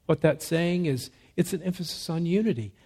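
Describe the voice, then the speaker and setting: A man's voice: a little high, breathy edge. Man preaching a dynamic sermon. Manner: swings from soft, slow emphasis to loud, rising exhortation; asks rhetorical questions and answers them. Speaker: pastor.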